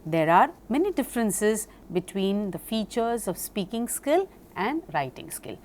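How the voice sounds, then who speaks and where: Woman lecturing on speaking skills, slow and careful, spells words out, faint hiss behind. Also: medium pitch, very animated, a little mellow. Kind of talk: recorded lecture.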